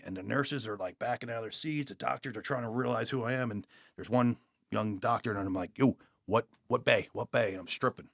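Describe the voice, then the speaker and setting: A man with a New York accent, a police officer telling his story as a guest in a blunt, profane, animated way. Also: medium pitch, a little fast, vocal fry, no room sound, clean studio sound.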